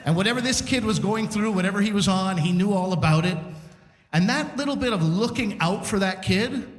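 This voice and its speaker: High-voiced stand-up comedian in a hall. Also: male voice. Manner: animated, acts out scenes. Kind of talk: stand-up storytelling. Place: community center stage. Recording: echoey hall reverb.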